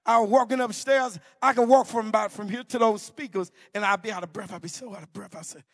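High, gravelly-voiced preacher in a reverberant hall. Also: male voice, brisk, hardly any pauses, a bit bright, studio quality. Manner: folksy, emphatic preaching. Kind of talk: sermon with personal testimony. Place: church hall.

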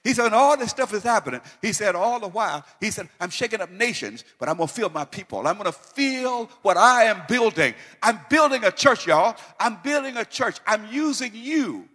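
Fervent high-voiced male preacher in a reverberant hall. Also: moderate pace, hardly any pauses. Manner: builds from calm teaching to loud, fervent preaching with repetition. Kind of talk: sermon.

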